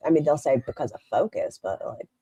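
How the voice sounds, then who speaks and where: A woman's voice: low-pitched, fairly quick, mellow, slightly rough, no room sound. A woman hosting a live stream, giving blunt, sarcastic reaction commentary and swearing freely.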